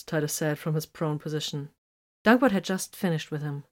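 A woman reading a story aloud with even, steady narration. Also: low voice, normal speed.

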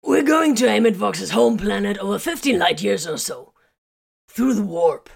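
This is a blunt, sarcastic commander man, as a woman reader puts him on. He talks loud and drawn out, with a dry, biting edge. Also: mid-range voice, expressive, moderate pace, vocal fry, slightly rough, voice pushed up, exaggerated voice. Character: brusque, sarcastic male commander.

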